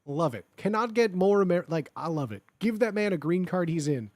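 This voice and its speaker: Rich: A young man streaming live, rambling excitedly to his viewers and swearing cheerfully along the way. His voice sits high and swings all over the place. The sound is close and dry, with no room around it. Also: a little fast, no echo. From Chicago area, United States. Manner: excitable, rambling, lots of filler words and swearing. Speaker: livestreamer. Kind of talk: casual chat with viewers.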